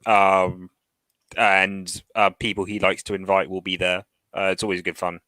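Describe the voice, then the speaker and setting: A man's voice: sits low, level tone, normal speed, bright, forceful tone, no echo, low-quality recording. A young man on a casual live stream, teasing the others with many hesitations. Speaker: stream guest.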